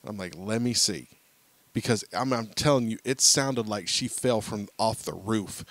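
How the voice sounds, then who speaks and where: Low-voiced dad telling stories on a podcast. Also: male voice, moderate pace, no room sound. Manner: animated storyteller acting out quotes. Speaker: podcast co-host. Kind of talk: casual chat, storytelling.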